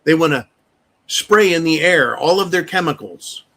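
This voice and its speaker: A man's voice: on the high side, expressive, moderate pace, gravelly, bright, forceful tone. A man hosting a live show, delivering a heated, profane, ranting monologue with mocking repetition. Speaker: host. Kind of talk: live-stream commentary monologue.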